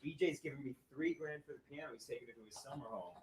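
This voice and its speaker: A man playing an insistent divorced father who is quick to anger, in acted drama dialogue. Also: mid-range voice, crowd noise, close to an everyday voice. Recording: roomy with faint noise.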